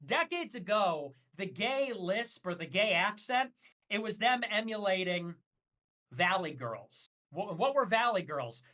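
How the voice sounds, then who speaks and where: A man's voice: high voice, very animated, a little slow, sharp tone. A man talking as a guest on a casual livestream, ranting emphatically and with strong opinions, with frequent fillers.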